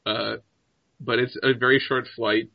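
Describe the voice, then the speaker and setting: A man's voice: mid-range voice, little pitch movement, unhurried, creaky, no room sound. A man narrating a tabletop game as game master, describing scenes loosely with restarts. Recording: slightly dull lo-fi recording.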